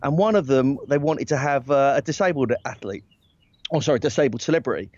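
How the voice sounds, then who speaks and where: A man's voice: medium pitch, expressive, brisk, darkish tone, slight background noise. A man in his forties, a talent agent and guest, telling stories in a rambling, self-deprecating way, with many restarts and laughs. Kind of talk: casual anecdotal chat. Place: outdoors in a hammock. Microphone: earbuds. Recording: dry, slightly dull sound.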